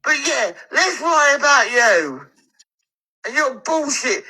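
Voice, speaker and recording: A woman's voice: high-pitched, sing-song, takes it slowly, bright, forceful tone, poor audio. Tearful, furious woman ranting. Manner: furious, swearing, tearful at times. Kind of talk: angry live-stream rant.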